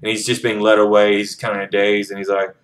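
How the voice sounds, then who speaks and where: A man's voice: on the low side, monotone, fairly quick. A man casually retelling a novel's plot in his own words, rambling and swearing freely. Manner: rambling, profane, lots of "you know". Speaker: book reviewer.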